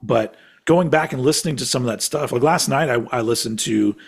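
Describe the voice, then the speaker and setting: A man in his forties co-hosting a casual podcast, chatting excitably and swearing freely. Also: medium pitch, a little fast, vocal fry, slightly rough. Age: 40s. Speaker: podcast co-host. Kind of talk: casual chat ranking albums.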